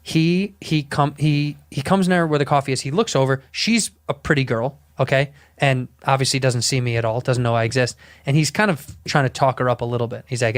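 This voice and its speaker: Guy telling a story casually, cursing a lot, smooth clear voice, dry close sound. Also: mid-range voice, brisk, hardly any pauses, no room sound. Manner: animated, swearing, acts out quotes. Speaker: storyteller guest.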